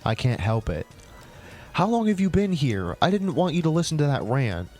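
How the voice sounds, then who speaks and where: A man's voice: on the high side, normal speed, faint music behind. Man sarcastically reading his old story. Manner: sarcastic, cringing outbursts between flat reading. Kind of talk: comedic dramatic reading with commentary.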